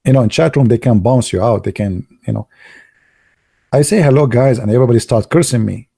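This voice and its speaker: A man whose first language is Arabic, telling stories casually in broken English, excitable and laughing at his own jokes. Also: mid-range voice, brisk, vocal fry, slightly rough. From Arab world. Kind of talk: casual storytelling monologue.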